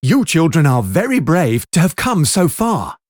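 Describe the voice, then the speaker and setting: A storyteller voicing a calm, wise woman with a wand who gives instructions. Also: mid-range voice, unhurried, dry recording, clean studio sound.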